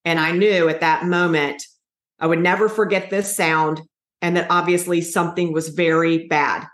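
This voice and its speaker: A woman in her forties recounts a painful memory as a guest, earnest and halting, with restarts. Her voice sits a little low. The room around her rings noticeably. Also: steady tone, fairly bright tone. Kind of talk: emotional personal storytelling. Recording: echoey room.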